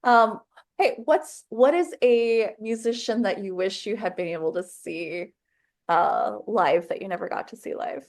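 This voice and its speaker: A young woman from the US Northwest hosting a podcast, asking questions haltingly with many fillers. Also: mid-range voice. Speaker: podcast host. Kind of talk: casual interview chat.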